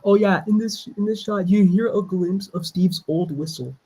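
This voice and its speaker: A creator chatting casually while watching back their own fan animation, quick and joking and pointing out small details. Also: mid-range voice, mellow, breathy edge, poor audio. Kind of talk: casual watch-along commentary.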